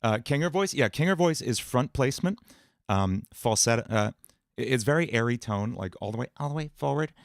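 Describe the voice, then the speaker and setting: A man of middle pitch talks loosely through a livestream Q&A on singing. He explains in a relaxed way, full of "um" and "uh". The sound is close and dry. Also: fairly quick, no echo. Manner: relaxed explaining, many fillers, breaks into sung and put-on voice demos. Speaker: music producer and livestream host.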